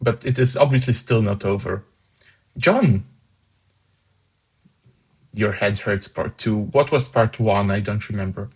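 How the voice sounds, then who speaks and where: A lowish, breathy male voice, unhurried and pausing often, reads out votes in a fan song contest. He's casual and chatty, adding asides and sounding cheerful about the points. The recording is rough.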